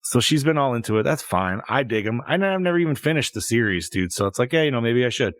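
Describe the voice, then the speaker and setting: A man in his thirties hosting a casual podcast, telling animated, profanity-laced stories. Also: mid-range voice, fast talker, dry recording. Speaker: podcast host.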